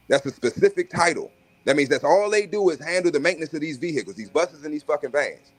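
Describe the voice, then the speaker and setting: Brash, profane man with husky voice. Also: a little high, animated, fast, soft background music. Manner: brash, swaggering, profane, acts out other voices. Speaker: live stream host. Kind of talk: profane casual storytelling rant.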